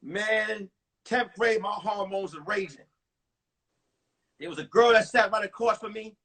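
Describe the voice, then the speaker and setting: A man in his forties, a comedian telling crude, animated stories about his school days on a phone livestream. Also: high voice, measured pace. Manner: animated, profane storytelling with acted-out voices. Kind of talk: stand-up storytelling on a livestream.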